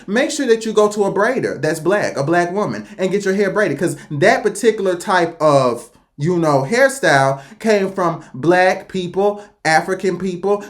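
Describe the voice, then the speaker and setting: A woman from the United States giving blunt, opinionated reaction commentary, with an emphatic delivery and sudden jumps in pitch. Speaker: reaction video host.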